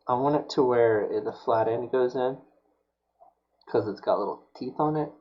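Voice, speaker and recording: A man's voice: medium pitch, a little slow, darkish tone, lo-fi sound. A man streaming while he builds a prop, talking casually and muttering to himself, with mild self-scolding as things go wrong.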